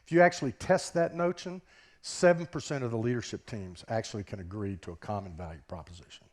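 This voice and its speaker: The man's voice is on the low side and quick. He's a business professor with a Southern US accent delivering a conference keynote on a stage microphone, chatting conversationally and often posing rhetorical questions to check in with the audience.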